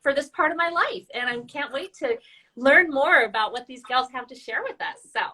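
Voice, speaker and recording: A woman in her fifties from Idaho talks cheerfully on a video call with a high, bright voice. She sits a little back from the mic, so she sounds slightly distant. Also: lively intonation, moderate pace. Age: 50s. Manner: cheerful, eager. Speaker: blogger and artist. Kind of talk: casual live video chat.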